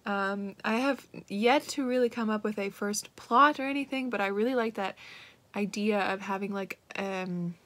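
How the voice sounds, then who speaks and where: A woman's voice: mid-range voice, moderate pace, fairly bright tone, dry recording. A young woman talking casually in a writing vlog, rambling with lots of fillers. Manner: chatty, rambling with many fillers. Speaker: vlogger.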